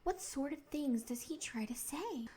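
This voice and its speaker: Woman playing a bright, curious storybook girl, a bit indignant, higher pitch, whispered role-play. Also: expressive, measured pace. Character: lively, curious young girl.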